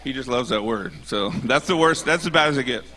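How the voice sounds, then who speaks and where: Man telling an animated testimony. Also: medium pitch, brisk. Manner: earnest, animated, acts out quoted voices. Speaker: guest speaker. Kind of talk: casual testimony storytelling. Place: church stage.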